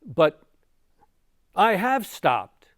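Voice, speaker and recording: A man voicing a fierce male bandit who yells and then pleads in confusion. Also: high-pitched, very animated, drawn-out words, no echo, studio quality, voice pushed up, exaggerated voice. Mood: confused. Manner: yelling, pleading.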